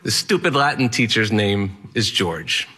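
Male storyteller: low-ish, bright and forceful voice, vivid dramatic delivery. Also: lively intonation, unhurried, slightly rough. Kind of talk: personal story told to an audience.

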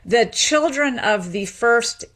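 Animated Southern woman explaining at length. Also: fairly high pitch, slow. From Memphis, Tennessee, USA. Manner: animated, explains at length with frequent "you know" and laughs. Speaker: guest linguistics professor. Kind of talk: explanatory interview answers.

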